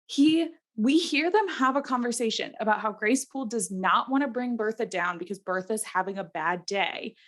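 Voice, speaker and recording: A young woman co-hosting a casual movie review podcast, animated and swearing freely, acting out characters' lines. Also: fairly high pitch, normal speed, few pauses. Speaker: podcast co-host.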